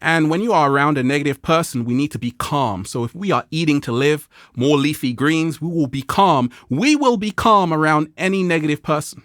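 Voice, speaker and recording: A man's voice: a little fast, few pauses, dry recording, studio quality. A man hosting a motivational vlog, speaking playfully and animatedly to his viewers with frequent laughs. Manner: playful and animated, laughing, acting out quoted people in a high voice. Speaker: vlog host.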